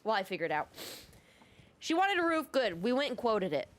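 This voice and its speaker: A woman's voice: on the high side, big pitch swings, moderate pace. Profane rambling woman gamer storyteller. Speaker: gaming video creator. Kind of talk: casual storytelling over gameplay.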